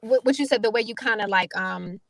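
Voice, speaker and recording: A woman's voice: fairly high pitch, brisk, gravelly, background noise. A woman audiobook narrator in a casual panel chat, chatty and full of fillers as she asks questions.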